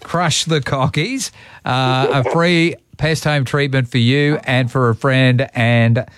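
A man's voice: medium pitch, steady tone, takes it slowly, fairly bright tone, dry recording. A man with an Australian accent hosting casual talkback radio, chatting with callers in a matey way. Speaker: radio host. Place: radio studio. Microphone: studio microphone.

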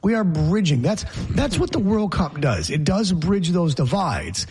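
A man's voice: high voice, big pitch swings, measured pace, a little mellow, slight background noise. A man hosting a sports talk show, talking casually in a brash, rambling, joking way.

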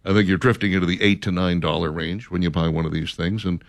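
A man's voice: deep voice, steady tone, quick pace, vocal fry, no echo. A man hosting a casual radio chat, reading a list aloud with dry, sarcastic commentary. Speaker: radio show host.

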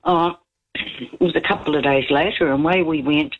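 A woman's voice: sits low, moderate pace. A woman, calling into a radio show and telling a rambling story while giggling. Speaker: caller. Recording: dull lo-fi radio call line.

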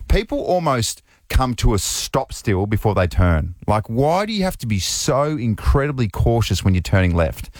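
Animated Australian man hosting radio. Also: mid-range voice, moderate pace, hardly any pauses, dry recording, clean studio sound. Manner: lively, animated, laughs often. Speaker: radio host. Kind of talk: breakfast radio banter.

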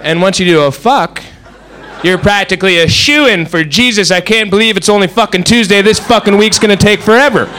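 A man doing observational stand-up comedy in an animated way, mimicking everyday sounds with his voice. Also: brisk, a little hiss or hum. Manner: animated, imitates sounds with high-pitched vocal noises. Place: comedy stage with live audience.

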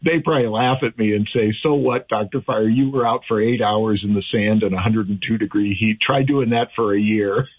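A man's voice: on the low side, fairly quick, few pauses, breathy edge, narrow, tinny audio. A man talking as a radio show's firearms expert in a casual, rambling way, with many restarts and fillers.

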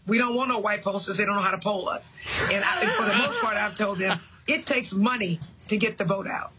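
A man's voice: high voice, brisk, sharp tone, slightly rough, low-quality recording. A man in a clip, speaking bluntly and insistently as a political guest. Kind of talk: interview clip.

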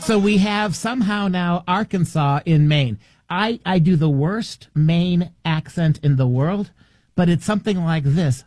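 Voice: mid-range voice, animated, slow, a little mellow, dry recording. A political commentator delivering a mocking, combative opinion monologue full of rhetorical questions.

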